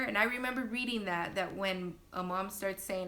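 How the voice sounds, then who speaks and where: A young woman tells a story on a phone live stream, chatty and quick to laugh. Her voice is bright and clear at a middle pitch. She keeps jumping into loud, high bursts when she acts out what people said. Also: steady tone. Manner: laughs often, many fillers. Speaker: new mother telling her birth story.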